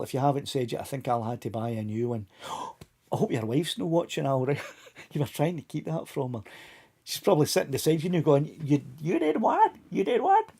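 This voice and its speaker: A man's voice: medium pitch, dark tone. A man hosting a casual live stream, chatting straight to his viewers and calling them by name.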